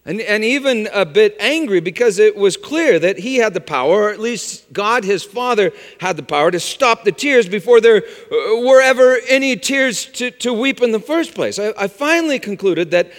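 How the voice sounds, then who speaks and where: Here the middle-aged pastor speaks expressively at normal speed with few pauses, weaving scripture into a sermon story. His pitch swings widely, and the sound carries a long hall reverb.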